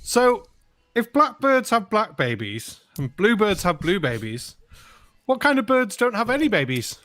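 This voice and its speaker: Slow, lively high-voiced joking man. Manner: slow, laughs at his own jokes. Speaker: podcast host, the Barman. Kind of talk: casual joke-telling banter.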